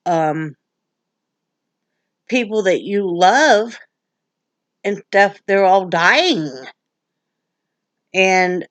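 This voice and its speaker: Slow-talking older woman chatting at home. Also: medium pitch, fairly bright tone, no room sound. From Wyoming, USA. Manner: chatty, rambling, emotional, laughs often. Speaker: vlogger. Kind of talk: casual chat to camera.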